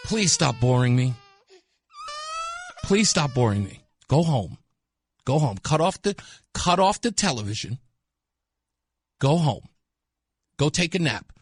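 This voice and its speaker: A man's voice: medium pitch, very animated, a little slow, long pauses, breathy edge, dry recording. A man hosting a talk radio show, delivering a mocking, scornful monologue into a studio mic. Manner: mocking, scornful, laughs at callers.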